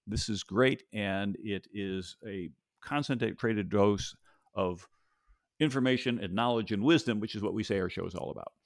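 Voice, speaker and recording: A man's voice: fairly low pitch, moderate pace, no room sound, studio quality. A man hosting a podcast, talking thoughtfully and rambling a little, with fillers and restarts, over a video call from a home office. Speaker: podcast host. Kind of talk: casual conversational discussion.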